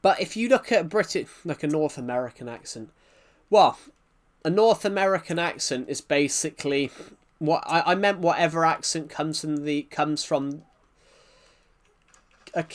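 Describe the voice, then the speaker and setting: A man with a thick regional accent, chatting on a live game stream in a rambling, halting way with many restarts. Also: a little high. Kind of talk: live-stream chat while gaming.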